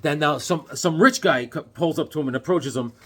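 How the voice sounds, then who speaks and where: A man with a somewhat high, fairly quick voice that has a breathy edge casually reviews comic books. He rambles and jokes loosely and chattily, throwing in puns, lots of fillers, and "right?" tag questions.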